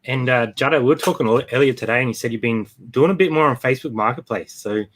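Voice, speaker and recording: A man's voice: mid-range voice, quick pace, fairly bright tone. An Australian man co-hosting a live stream, chatting casually and reading out names from the chat. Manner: laid-back, reads out chat names. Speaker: co-host of a live reselling show.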